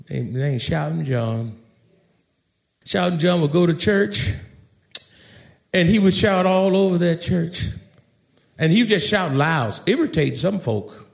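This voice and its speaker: A male pastor preaching a sermon in a church, shouting at times and dropping to quiet asides. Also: high-pitched, vocal fry. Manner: preaching with shouts, swinging loud and soft.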